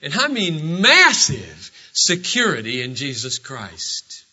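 A man preaching a sermon in a church, asking rhetorical questions with animated delivery. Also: on the high side, slow, breathy edge. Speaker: pastor. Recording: dull lo-fi sermon recording.

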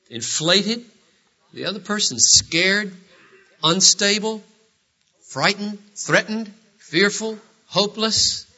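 Guy preaching slow and lively in church, bright tone, dull lo-fi recording. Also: high voice. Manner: animated preaching, rhetorical questions. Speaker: pastor. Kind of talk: sermon.

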